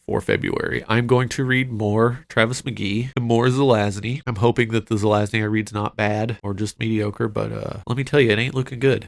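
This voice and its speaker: A man talking through his month's reading in a loose, rambling vlog, full of fillers and side remarks. His voice sits a little low and has a gravelly fry to it. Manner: chatty, rambling, with frequent fillers and quick asides. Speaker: book channel host. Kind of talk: casual book wrap-up vlog.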